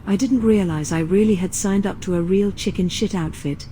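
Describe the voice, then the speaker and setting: A woman's voice: mid-range voice, normal speed, warm tone, a little hiss or hum, natural voice, low-quality recording. Woman doing a dry, weary ship's crew voice.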